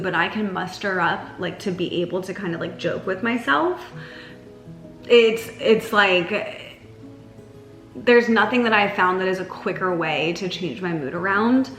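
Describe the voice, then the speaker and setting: A chatty young woman talks straight to camera about everyday life, her words studded with "like". Her voice rings in a roomy, echoing space, and soft music plays faintly under it. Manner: chatty, lots of "like", mocks herself in a whiny high voice. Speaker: lifestyle vlogger. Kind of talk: casual direct-to-camera advice.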